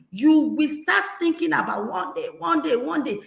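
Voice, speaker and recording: Animated Nigerian woman coaching parents. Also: high-pitched, moderate pace, vocal fry, few pauses. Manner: animated, acts out scolding parents. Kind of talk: parenting talk. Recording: echoey room.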